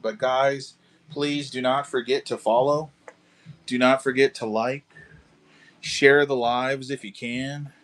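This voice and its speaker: A man's voice: medium pitch, steady tone, slow pace, fairly bright tone. Laid-back chatty man selling model kits. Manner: laid-back, chatty, swears casually, calls viewers dude and bro. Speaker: live-stream seller of model kits. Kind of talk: casual live-stream selling chat. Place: car shop garage.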